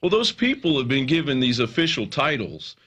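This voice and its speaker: A man taking part in a studio discussion, explaining his points in a measured way. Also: medium pitch, sing-song, a bit bright, breathy edge, muffled recording.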